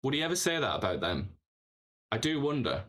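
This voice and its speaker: A man's voice: medium pitch, big pitch swings, fairly quick, a bit bright. A man hosting casual political commentary, talking in a sarcastic, mocking way.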